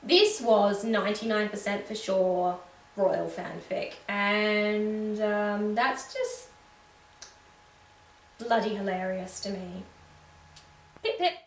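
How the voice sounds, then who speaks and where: A woman's voice: medium pitch, fairly even intonation, takes it slowly, pauses often. A woman giving a casual, sarcastic recap of a film's plot as a reviewer. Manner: wry, sarcastic asides. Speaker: film reviewer. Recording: echoey room with faint background hum.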